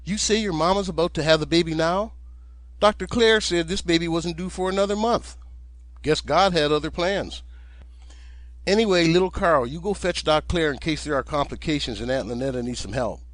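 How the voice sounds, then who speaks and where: A man voicing a brisk little schoolteacher woman who takes charge and hands out orders. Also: fairly high pitch, no echo, voice pushed up, lightly acted. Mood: commanding.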